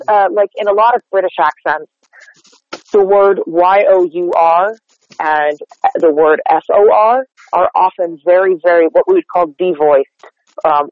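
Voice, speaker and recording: An American man working as a dialect coach, explaining his technique in an animated, chatty way and acting out example lines. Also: sits high, dry recording, phone-quality sound. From United States. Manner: animated, explanatory, demonstrates lines aloud, many fillers like "like". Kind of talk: interview guest explaining technique.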